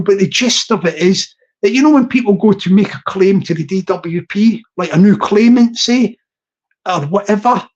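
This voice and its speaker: A man's voice: sits high, darkish tone. A middle-aged man with a Scottish accent chats loosely to his live-stream audience. He digresses and restarts his sentences. The audio sounds a little muffled and lo-fi. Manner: rambling and digressive, with frequent restarts. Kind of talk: casual live-stream chat. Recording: slightly dull lo-fi recording.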